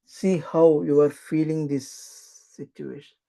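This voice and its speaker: Slow gravelly meditation guide, very dark tone, soothing repeats. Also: mid-range voice, flat delivery, low-quality recording. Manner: slow, soothing, repetitive instruction.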